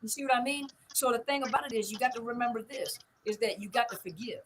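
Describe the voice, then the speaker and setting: A middle-aged woman hosts a casual live stream on narcissistic abuse recovery and answers comments, speaking fast with a fairly high, steady voice over a noisy background. She talks emphatically, repeats her points and often asks if you see what she means.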